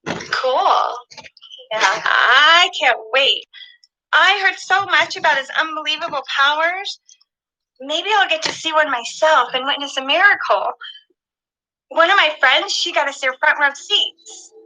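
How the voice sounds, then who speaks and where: A woman's voice: sits high, unhurried, sharp tone, full character voice, rough recording. An actress playing a young churchgoing woman in film dialogue, with natural conversational delivery. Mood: chatting.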